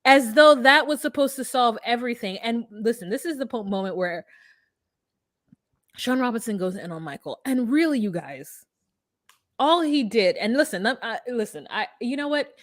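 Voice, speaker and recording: A woman co-hosting a casual chat, recapping reality TV in an animated, profane way. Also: fairly high pitch, moderate pace. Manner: animated, profane, mimics people in quotes. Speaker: podcast co-host recapping reality TV.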